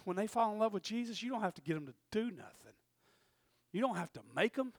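Guy preaching, really high voice, acts out the characters, dry sound. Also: fast talker, no echo. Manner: animated storytelling, acting out voices, shouting peaks. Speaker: pastor. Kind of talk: sermon.

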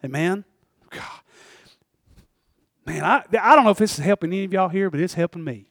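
Guy preaching, folksy, goes quiet then yells, bit high voice, dry sound. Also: animated, fairly quick, no room sound. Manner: swings from hushed to shouting, folksy. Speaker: pastor. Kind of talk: sermon.

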